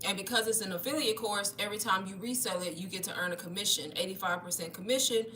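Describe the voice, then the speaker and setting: A woman's voice: medium pitch, fairly even intonation, fast, sharp tone, a little hiss or hum. A young woman hosting a casual livestream, chatty and a little out of breath, calling her viewers y'all. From Texas. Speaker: livestream host.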